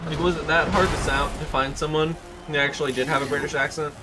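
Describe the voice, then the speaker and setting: A man's voice: a little high, steady tone, quick pace, over music. A young man chatting and joking as he streams a game. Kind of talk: casual game commentary.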